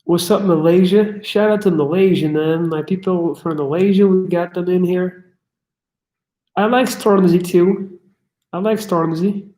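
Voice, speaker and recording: A man's voice: fairly high pitch, mellow. Blunt, echoey livestream host, man. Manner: blunt, swears, reads chat aloud and riffs. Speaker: livestream host answering chat questions. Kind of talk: casual livestream chat. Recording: echoey room.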